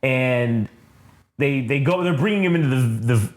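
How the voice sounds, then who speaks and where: A man co-hosting a casual comic book review podcast. He talks in an animated, profane way and acts out the scenes. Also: mid-range voice, measured pace, roomy sound. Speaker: podcast co-host.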